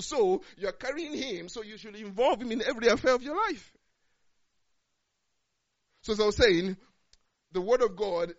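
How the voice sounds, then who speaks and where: A man preaching a sermon, swinging between loud urgent declarations and low, quiet speech. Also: highs cut off.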